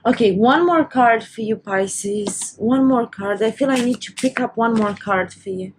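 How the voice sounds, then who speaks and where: A woman reads tarot cards for her viewers, her high voice teary and thick with emotion. She sounds close to crying. Faint noise sits under the recording. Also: unhurried. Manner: tearful, overcome with emotion. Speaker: tarot reader. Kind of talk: tarot reading to camera.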